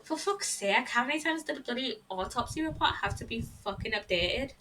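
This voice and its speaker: A woman's voice: on the high side, animated, a little fast, rough recording. A woman streamer reading a game aloud, with exasperated, casual commentary and frequent swearing. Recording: loud background noise.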